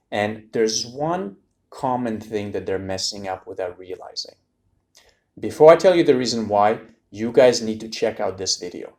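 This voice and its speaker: A man coaching students for a speaking exam, talking directly and energetically to viewers. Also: lowish voice. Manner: direct, energetic, addresses viewers as "you guys". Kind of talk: tutorial lesson to camera.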